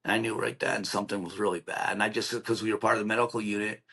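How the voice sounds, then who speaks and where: Racing through his words, a middle-aged podcast guest tells an emotional story from his own life, earnest and plainspoken, voicing the people he quotes. His lowish voice is delivered flatly and sounds pushed, bright, and husky.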